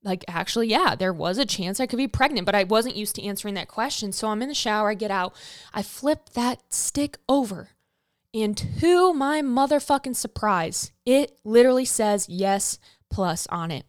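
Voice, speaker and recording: Young woman podcast host, candid profane storyteller, smooth clear voice, dry close sound. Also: medium pitch, moderate pace, no room sound. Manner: frank and profane, animated retelling with acted quotes.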